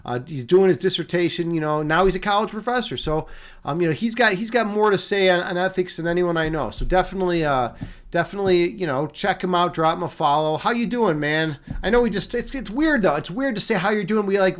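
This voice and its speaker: A young man from Chicago hosting a live stream, chatting casually with many fillers and repeated words. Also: high voice. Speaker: streamer host.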